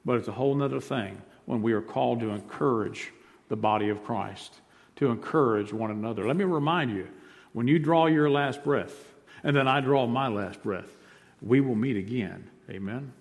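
A man preaching a sermon as pastor, emphatic, repeating his points and swinging between loud and soft. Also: medium pitch, moderate pace. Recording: long hall reverb.

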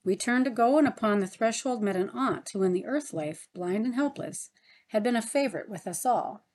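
A woman reading a devotional novel aloud as an audiobook narrator, in a gentle, devout manner. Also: a little high, animated, moderate pace. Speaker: audiobook reader. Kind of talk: scripted narration.

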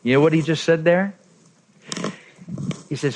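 A male pastor preaching a sermon, acting out quoted lines with lively swings between emphatic and soft, intimate tones. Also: on the high side, a little slow, pauses often, a little hiss or hum. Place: church.

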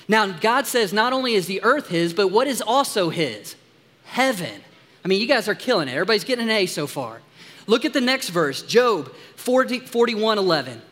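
A man preaching as a pastor, upbeat and joking with the congregation, dropping to a hushed tone in prayer. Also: sits high, lively intonation, moderate pace, in a large hall. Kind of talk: sermon. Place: church sanctuary.

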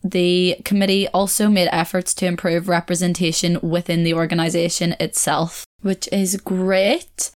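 A young woman with a slightly low voice chats casually to her viewers. She keeps second-guessing herself and laughing. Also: clear, resonant tone. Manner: chatty, self-correcting, laughs often. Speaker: vlogger. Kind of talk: casual chat to camera.

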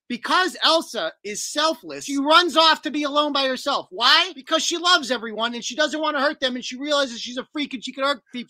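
A man's voice: very high voice, sharp tone, dry recording. A man and show host delivering a profane, mocking comedic rant.

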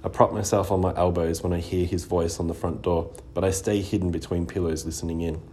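A man narrating a first-person story in a steady, even reading voice. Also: deep voice, a little fast, slight background noise. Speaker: audiobook narrator.

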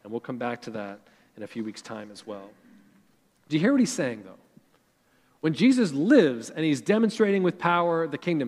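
A man's voice: a little high, big pitch swings, normal speed, darkish tone. A male pastor preaching a sermon to his congregation, earnest and emphatic, building his points in rising lists. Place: church sanctuary. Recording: church hall reverb.

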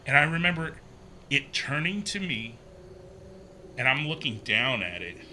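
A young man casually telling a ghost story, animated and acting out the quotes. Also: measured pace, slight background noise. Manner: animated, acts out quotes with pitch jumps.

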